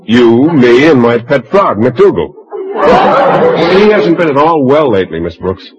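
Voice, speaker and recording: A man's voice: medium pitch, very animated, measured pace. An actor playing an earnest, naive male teacher in a 1950s radio sitcom. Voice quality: earnest, eager manner. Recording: dull lo-fi old radio recording with faint hiss.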